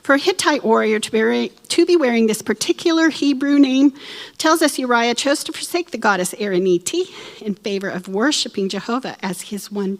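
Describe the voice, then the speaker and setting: A woman teaching a church Bible lesson, expressive and emotional, with playful asides. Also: a little high.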